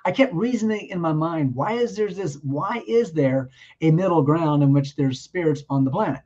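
Earnest man telling a testimony, mellow voice. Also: fairly high pitch, expressive, highs cut off. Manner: earnest, halting with frequent restarts. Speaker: guest giving testimony. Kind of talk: personal testimony storytelling.

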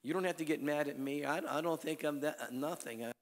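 Over a noisy background, a middle-aged male evangelist races through a revival sermon at a quick pace. His storytelling is animated, with sudden squeaky voices for the people he quotes. The large church hall leaves a long reverb.

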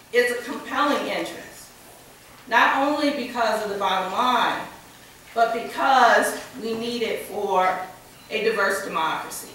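An American woman giving a conference keynote, slightly under the weather with a cold, speaking in a deliberate, measured way with touches of dry humor. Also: fairly high pitch, a bit bright. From United States. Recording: echoey hall from far off, faint noise.

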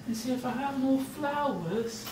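A woman chatting casually to camera in her home kitchen, slangy and thinking out loud, now and then slipping into a put-on British accent. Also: high voice, a little slow, heavy background noise. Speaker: vlogger. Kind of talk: casual vlog chat.

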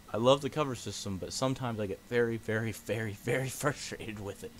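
A man's voice: on the low side, a little fast, slight background noise. Frustrated swearing young man gaming. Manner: frustrated, swearing, bursts of yelling at the game. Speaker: gameplay commentator. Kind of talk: casual gameplay commentary.

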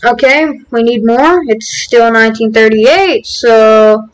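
Excitable woman for let's-play commentary, high voice, unhurried delivery, breaks into cheers. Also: poor audio. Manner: excitable, bursts into cheers and shouts. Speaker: gaming video host.

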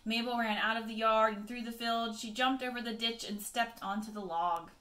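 Bright teacher reading a picture book. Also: female voice, on the high side, normal speed, reverberant. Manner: expressive read-aloud with chatty asides to pupils.

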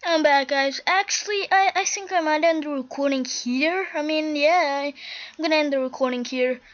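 Her voice sits high and moves at a moderate pace through a dull lo-fi mic with faint noise. Hosting a gaming video, she chats casually during play, gets flustered, and erupts in panicked shouts.

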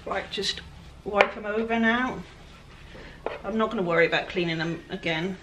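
A Welsh-accented woman with a mid-range voice flips furniture, painting pieces in an outdoor work area with flies while narrating a casual DIY vlog at normal speed. She chats to viewers in a self-deprecating way, and the background is noisy.

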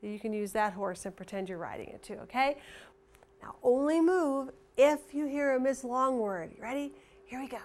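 A woman's voice: high-pitched, normal speed. A middle-aged woman teaching phonics to young children, showing objects one by one in a patient show-and-tell way. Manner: gets excited calling a pretend horse race. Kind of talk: video lesson for young children.

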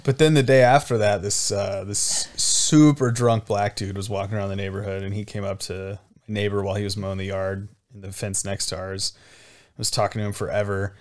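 A man's voice: lowish voice, a little fast. A young man, cohosting a podcast, telling a story in casual chat and acting out the people in it with lots of swearing. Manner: animated, swears, acts out quoted voices. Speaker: podcast co-host.

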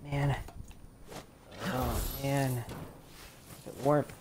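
Profane, slow-talking male gamer. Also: mid-range voice, level tone. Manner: swears a lot, frustrated outbursts, chatty. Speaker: let's play gamer. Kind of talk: live gameplay commentary. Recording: gameplay audio with loud game noise.

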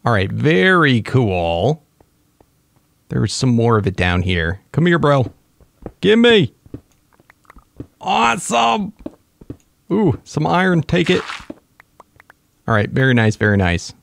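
A man hosting a casual let's-play, commenting excitedly to himself as he plays. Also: mid-range voice, unhurried, gravelly, long pauses, a little hiss or hum. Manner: excitable, talks to himself while playing. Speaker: gaming channel host.

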